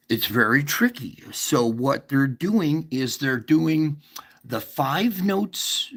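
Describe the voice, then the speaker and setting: Slow, gravelly man explaining. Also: fairly high pitch, fairly bright tone. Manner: rambling, restarts, frequent checks with listeners. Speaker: livestream host. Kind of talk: casual livestream explanation.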